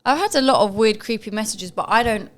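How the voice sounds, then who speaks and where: A woman's voice: medium pitch, lively intonation, fast talker. A young adult woman co-hosting a casual podcast chat, talking in a chatty way about messages she gets. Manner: chatty, with frequent fillers and restarts. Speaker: podcast co-host.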